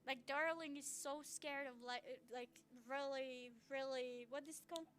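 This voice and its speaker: A woman streaming from home on her setup mic, chatting casually in a gushing, excitable way, swearing and often restarting her sentences. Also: high-pitched, moderate pace. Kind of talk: casual live-stream chat.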